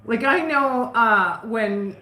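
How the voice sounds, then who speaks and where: A woman's voice: fairly high pitch, expressive, slow, pushed and bright. A woman in her fifties chatting casually with live viewers from a home kitchen, rambling and giggly. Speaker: livestream host. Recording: roomy echo.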